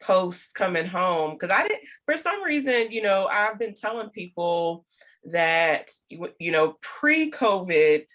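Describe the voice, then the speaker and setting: A woman hosting an interview, gently thanking her guest and asking follow-up questions. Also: lowish voice, sing-song, slow. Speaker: podcast host. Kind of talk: interview chat.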